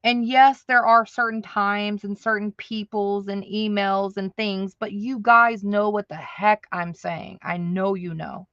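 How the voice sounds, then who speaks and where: Slow-talking woman hosting a livestream. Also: mid-range voice, steady tone, a bit bright, no room sound, muffled recording. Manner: chatty, laughs often, talks straight to viewers. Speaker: live stream host. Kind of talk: casual livestream chat. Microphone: audio-only livestream.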